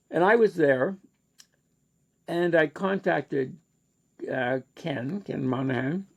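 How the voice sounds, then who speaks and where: A man's voice: on the high side, gravelly, darkish tone. A man with a Canadian accent telling a rambling personal story in a casual lecture, with many fillers and restarts.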